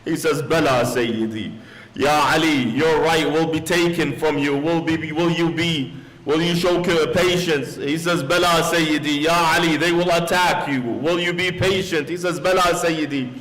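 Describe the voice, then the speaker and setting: A man gives a sermon in a mosque in a slightly high voice. He tells the story solemnly and switches often to quoted Arabic lines. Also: steady tone, moderate pace, fairly bright tone, poor audio. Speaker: sheikh.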